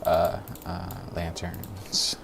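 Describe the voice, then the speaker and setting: A man's voice: sits low, flat delivery, drawn-out words, vocal fry, background noise. A man hosting a stream, giving casual reaction commentary in a blunt, profane and mocking way, laughing often. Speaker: streamer host.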